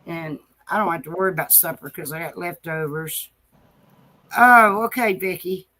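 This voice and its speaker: A woman's voice: fairly low pitch, normal speed, sharp tone. A woman hosting a casual livestream from home, folksy and affectionate as she talks to her chat and her dogs. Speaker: livestream host.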